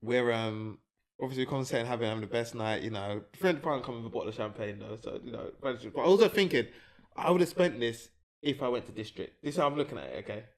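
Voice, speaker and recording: A man's voice: medium pitch, lively intonation, fast talker. A man, telling a story in casual podcast chat and laughing through the punchlines. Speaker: podcast co-host.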